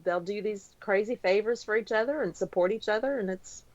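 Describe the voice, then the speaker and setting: A woman's voice: mid-range voice, fairly quick, slight background noise. A woman co-hosting a podcast, chatting casually and telling a story in a talkative way. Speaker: podcast co-host. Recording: dull, slightly lo-fi audio.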